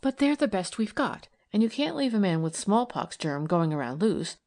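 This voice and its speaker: A woman's voice: medium pitch, very animated, normal speed, darkish tone. A woman reading aloud and voicing an earnest, idealistic young woman who argues eagerly and persuasively.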